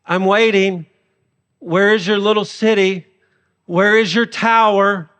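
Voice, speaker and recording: A man's voice: high voice, steady tone, slow pace, a bit bright, clear, resonant tone, long reverb tail. A man voicing a sarcastic, all-powerful God who mocks tiny humans, in a sermon. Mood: mocking. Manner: mocking, sarcastic.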